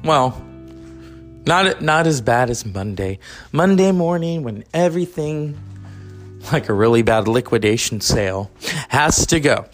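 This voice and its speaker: A man's voice: mid-range voice, lively intonation, measured pace, long pauses, faint music behind. A man from California hosting his own podcast, rambling through stories with profane, chatty asides. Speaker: podcast host. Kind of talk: casual monologue.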